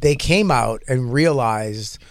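A man's voice: medium pitch, slow, no room sound. A man guesting on a comedy podcast, telling profane stories with lots of laughing. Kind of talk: casual comedy podcast chat.

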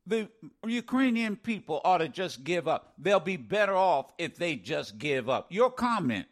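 A middle-aged male radio host with a high voice that swings widely up and down. He talks in an animated, indignant way and throws in sarcastic asides. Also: unhurried. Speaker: radio talk show host. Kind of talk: call-in radio talk.

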